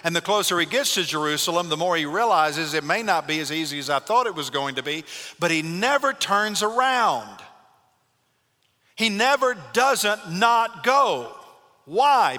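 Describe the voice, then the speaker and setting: A male pastor giving a Sunday morning sermon, swinging between loud calls and hushed, calm speech. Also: high voice, normal speed, big-room sound. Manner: dynamic preaching, shifts from loud to hushed.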